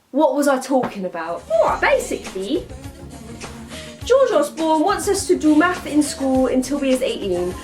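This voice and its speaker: Brash slangy girl who says "mate" a lot, played by a woman; high voice, music underneath. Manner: slangy, rambling, ungrammatical, says mate constantly. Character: cocky young woman, slangy, chatty, full of herself. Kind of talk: comedy sketch monologue.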